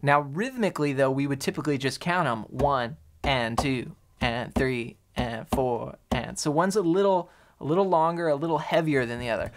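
A man's voice: on the high side, animated, a little slow. A man teaching an online guitar lesson, explaining rhythm and counting beats aloud while he plays. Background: guitar playing.

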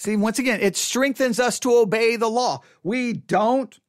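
A woman's voice: fairly high pitch, a little slow, no room sound, clean studio sound. A woman commenting bluntly and emphatically on a recorded sermon in a casual way.

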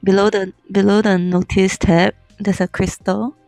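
A woman's voice: mid-range voice, little pitch movement, normal speed, gravelly, a little mellow, no room sound, soft background music. A woman chatting casually with a streamer friend, teasing and blunt. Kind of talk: casual chat.

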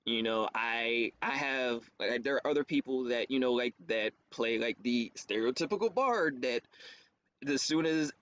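A man, a theater actor, chatting as a guest in a casual interview, animated, laughing often and jumping up in pitch for quoted voices. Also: normal speed. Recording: dull lo-fi stream audio with faint hiss.

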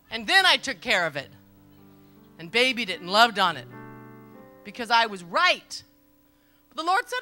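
A middle-aged woman preaches at a church service in a high, forceful voice. She tells stories with emphasis, repeats her key lines and laughs along with the crowd. Soft music plays faintly behind her. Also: big pitch swings, moderate pace, long pauses. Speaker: pastor. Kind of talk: sermon.

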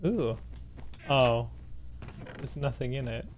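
A man's voice: medium pitch, takes it slowly, slight background noise. A man hosting a gaming video, talking through the game with lots of startled exclamations. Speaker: gaming channel host. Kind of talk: casual gameplay commentary.

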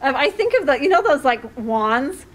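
Animated high-voiced woman life coach. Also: moderate pace. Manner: animated, acts out parent-child dialogue. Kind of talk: community talk with audience questions.

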